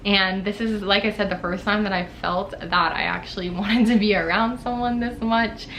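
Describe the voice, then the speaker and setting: Speaking at a normal pace with a steady, fairly bright mid-range voice, this YouTuber in her twenties talks casually to viewers during a Q&A vlog. She's chatty, laughs frequently and fills her speech with "like." Slight background noise and faint ambience come through an echoey room.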